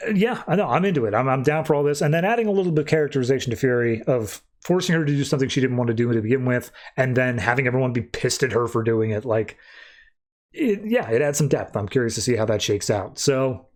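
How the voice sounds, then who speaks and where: A young adult man on a podcast, casually recapping a comic in a loose, rambling way and jumping into quick voices for quoted lines. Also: medium pitch, expressive. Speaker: podcast co-host.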